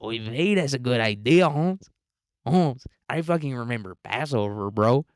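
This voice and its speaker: A man's voice: medium pitch, animated, unhurried, smooth, no room sound, clean studio sound, natural voice. A man voicing a swaggering street-tough woman politician in a mock Mexican accent, drawling and laughing through it. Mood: scheming.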